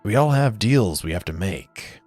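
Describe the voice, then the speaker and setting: A man voicing a smooth-talking male smuggler in a tabletop game, slick and persuasive. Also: on the low side, lively intonation, a little slow, darkish tone, soft background music. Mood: sly.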